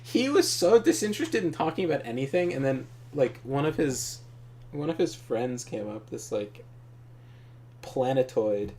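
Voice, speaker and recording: Casual male gaming host, mid-pitched, rambling profane storyteller. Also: expressive, moderate pace, darkish tone, a little hiss or hum. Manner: rambling, profane, laughing often. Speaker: co-op gameplay host.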